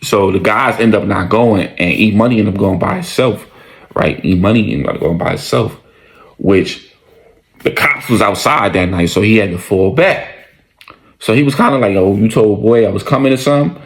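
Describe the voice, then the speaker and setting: A man casually telling a story, slangy and conversational, with animated retelling. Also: on the low side, normal speed, rough recording.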